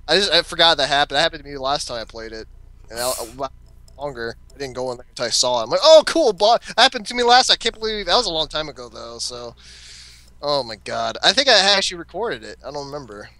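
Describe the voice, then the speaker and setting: A young man chatting casually while playing a video game, excitable and swearing often. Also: medium pitch, fast, dry recording. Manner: excitable, swears, laughs a lot. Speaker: gamer. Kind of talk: casual let's-play chat.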